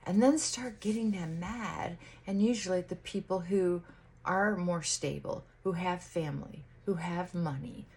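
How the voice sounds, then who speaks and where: A woman chatting casually to camera while getting ready, musing aloud with pauses and restarts. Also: lowish voice, mellow, breathy edge. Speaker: vlogger. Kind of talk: casual get-ready-with-me chat.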